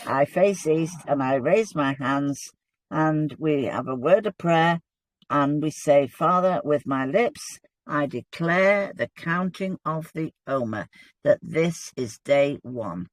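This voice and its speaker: Lady guest chatting about faith, earnest and excited, dry close sound. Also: low-pitched, takes it slowly, no room sound. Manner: earnest, enthusiastic explaining. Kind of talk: casual religious discussion.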